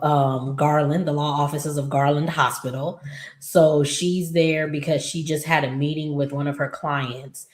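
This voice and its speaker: A woman's voice: sits low, roomy sound. A woman giving a casual, chatty recap of a soap opera episode, with exasperated asides to the characters.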